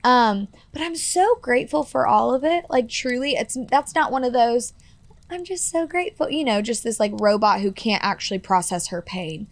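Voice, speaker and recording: A woman's voice: a little high, normal speed, hardly any pauses. A woman in her twenties telling a personal story as a podcast guest, earnest and full of fillers like "like" and "you know". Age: 20s.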